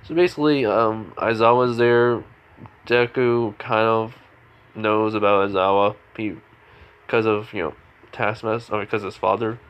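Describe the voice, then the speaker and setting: A man's voice: on the low side, steady tone, unhurried, clean tone, muffled recording. Rambling man retelling a fan story. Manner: rambling, many fillers and restarts. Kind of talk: casual fan-fiction retelling.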